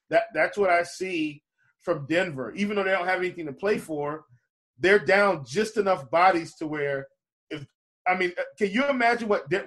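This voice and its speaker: A man's voice: high-pitched, fairly bright tone. A man co-hosting a casual basketball betting podcast, talking in a loose way with fillers and restarts. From lives in Charleston area. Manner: conversational, hesitant fillers and restarts. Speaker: fantasy basketball podcast co-host.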